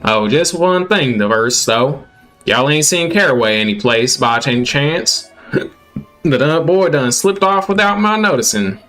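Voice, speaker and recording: A man's voice: fairly high pitch, a bit bright, pitched above the performer's own voice. A man voicing a hospitable old country father in a put-on Southern US drawl, folksy and drawling.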